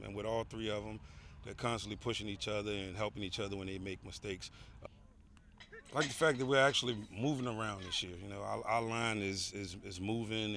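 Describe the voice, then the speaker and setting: A man, a high school head football coach, giving an earnest outdoor interview at practice, often saying "you know" and repeating words. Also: a bit bright, slight background noise. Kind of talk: on-field interview.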